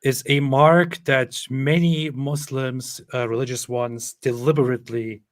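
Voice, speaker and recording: A man's voice: medium pitch, level tone, a little slow, no room sound, studio quality. A man hosting a casual livestream, reading news aloud with wry, sarcastic asides. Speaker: host.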